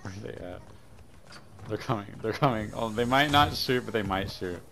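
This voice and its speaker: A man's voice: lowish voice, moderate pace, vocal fry. A man chatting casually with his squad while playing, laid-back and swearing, calling out plans to his friends. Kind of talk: casual gaming party chat. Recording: voice chat under loud game noise.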